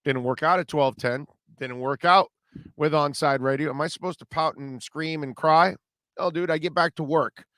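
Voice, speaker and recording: A man's voice: fairly high pitch, moderate pace, pushed and bright, no echo, clean studio sound. A middle-aged man hosting a sports radio show, delivering a blunt, preachy monologue in short, punchy, emphatic bursts. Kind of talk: opinionated sports talk monologue.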